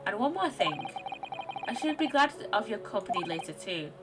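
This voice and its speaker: A woman voicing a genteel, eccentric male detective who speaks politely and theatrically, over loud music. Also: medium pitch, big pitch swings, moderate pace, natural voice.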